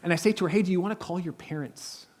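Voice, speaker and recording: A man in his thirties, a pastor preaching a sermon in a conversational, humorous way, telling stories and dropping to a hush at tense moments. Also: high voice, fast talker, slight background noise. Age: 30s. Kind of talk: sermon with storytelling. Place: church.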